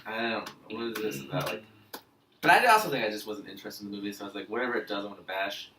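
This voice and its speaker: Male co-host, casual and blunt with joking asides; lively pitch, recorded from a distance. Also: rapid-fire, a little hiss or hum. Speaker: podcast co-host. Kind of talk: casual movie chat. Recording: echoey room, mic at a distance.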